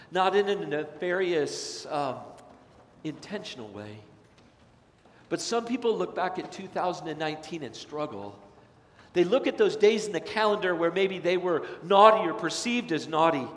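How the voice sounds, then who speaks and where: A man preaching a sermon as pastor, dramatic, acting out quoted voices and swinging between loud and soft. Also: fairly high pitch. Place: church sanctuary. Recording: echoey hall with long reverb.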